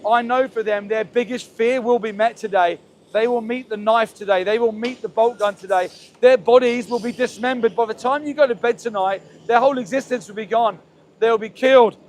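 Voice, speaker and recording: Speaking fairly quickly in an extremely high voice, a man hosts an activist livestream outdoors near a slaughterhouse. He talks into a handheld phone with impassioned, pleading repetition, offering live street commentary over a little hiss or hum.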